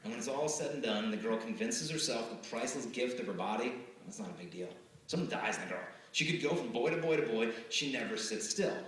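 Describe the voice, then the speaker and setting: A man giving a lively live talk to a student audience, often acting out the voices of the people in his stories. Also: medium pitch, brisk. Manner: animated, acts out quoted voices. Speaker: speaker addressing students. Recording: echoey hall from far off, faint hiss.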